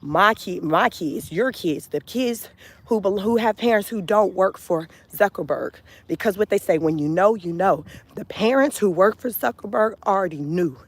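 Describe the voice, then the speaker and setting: A woman's voice: medium pitch, moderate pace. Chatty woman doing live commentary. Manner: animated, chatty, addresses viewers as y'all. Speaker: commentary vlogger. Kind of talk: casual live-stream commentary.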